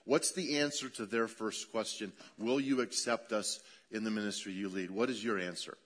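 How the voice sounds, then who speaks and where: A middle-aged man preaching a sermon as a pastor, lively, acting out quoted voices and letting his voice rise high and drop low. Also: normal speed. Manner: animated preacher, acts out quoted voices, voice rising and dropping.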